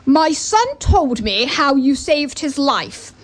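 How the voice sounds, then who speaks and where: A woman's voice: sits high, expressive, slow pace. A woman voicing a grateful, wealthy nobleman who insists on a reward. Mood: gracious. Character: wealthy grateful nobleman, well-dressed gentleman.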